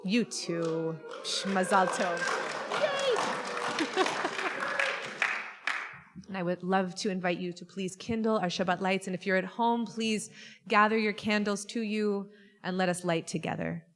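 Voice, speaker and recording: A woman's voice: medium pitch, fairly even intonation, moderate pace, big-room sound, a faint crowd. A woman rabbi leading a Shabbat service, chatty and playful as she talks with the congregation. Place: synagogue sanctuary.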